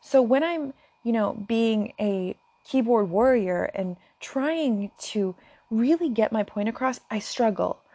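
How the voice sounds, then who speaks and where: A woman's voice: a little high, expressive, slow, mellow, no room sound. Earnest woman vlogging, dry close sound. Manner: earnest, impassioned, sometimes near tears. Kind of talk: emotional direct-to-camera talk.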